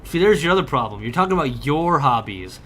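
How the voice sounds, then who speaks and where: A young man livestreaming a game, bantering loudly and profanely with his chat and joking around. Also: medium pitch, big pitch swings, quick pace, slight background noise. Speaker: streamer. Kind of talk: casual livestream chat while gaming.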